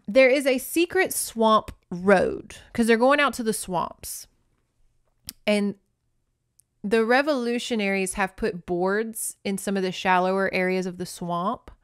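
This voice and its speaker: Chatty woman podcaster, giggly and playful, smooth clear voice, dry close sound. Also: mid-range voice, no echo. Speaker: podcast host. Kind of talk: casual chat, recapping a novel.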